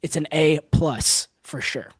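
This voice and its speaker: A young man hosting a casual sports podcast, giving animated, quick analysis of trades. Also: a little high, slightly rough, dry recording, clean studio sound. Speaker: podcast host.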